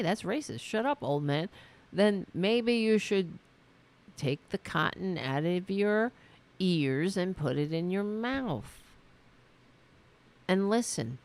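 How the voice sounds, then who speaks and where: Sarcastic, profane woman ranting slowly. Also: medium pitch. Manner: animated, jumps between loud and soft. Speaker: political commentary host. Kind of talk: casual political rant.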